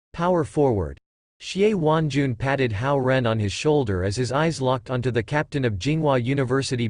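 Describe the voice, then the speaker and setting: Male narrator for a light novel audiobook: synthetic, even and steady, mid pitch, dry. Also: no room sound.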